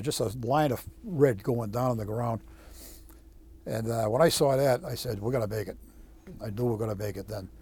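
A man, a former Marine, telling his war story in an interview, halting with many restarts and blunt swearing. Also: medium pitch, vocal fry, mellow, breathy edge. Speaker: veteran interviewee. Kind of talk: oral history storytelling.

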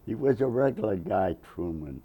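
An older man, a Navy veteran, telling an oral history story with animated quoted voices. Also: fairly low pitch, normal speed, breathy edge.

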